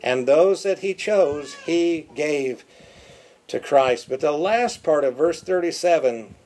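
A man preaching a sermon, emphatic and repeating words for stress, dropping to quiet, drawn-out phrases. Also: fairly high pitch, expressive.

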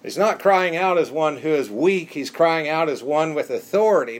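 A man's voice: fairly high pitch, lively intonation, moderate pace, few pauses. A man preaching a sermon as pastor, with an earnest, pleading emphasis and strings of rhetorical questions.

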